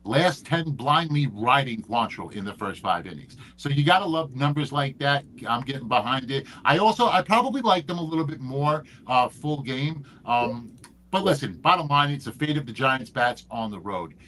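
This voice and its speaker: A man's voice: medium pitch, lively intonation, normal speed, a bit bright, rough recording. A man hosting a sports betting picks show, talking in a casual, profane, hyped-up way.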